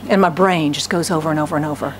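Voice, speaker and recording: A woman's voice: low voice, fairly even intonation, rapid-fire, a little hiss or hum. Impassioned woman pastor preaching a sermon. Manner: impassioned, swinging from raised declarations to hushed, near-whispered pleading; asks the congregation rhetorical questions. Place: church sanctuary.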